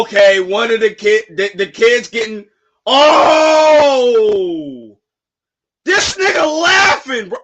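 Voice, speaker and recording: A young man on a live reaction stream, talking in slang and breaking into shouted outbursts. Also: extremely high pitch. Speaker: streamer reacting to a manga chapter.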